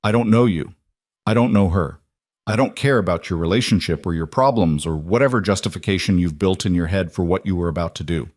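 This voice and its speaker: A man voicing a cold, controlled mafia boss who speaks in low, clipped commands. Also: fairly quick, darkish tone, no echo, clean studio sound. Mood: protective, firm.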